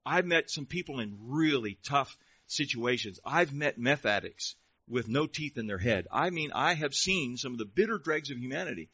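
A man's voice: medium pitch, animated, moderate pace, pushed and bright, breathy edge, no echo. Emphatic male pastor preaching. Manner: emphatic, asks the congregation questions. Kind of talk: sermon. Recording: dull lo-fi recording.

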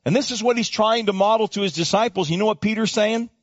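A man's voice: high-pitched, fast, no room sound, dull audio. A male pastor preaching a sermon, dramatic, acting out voices and calling for congregation responses.

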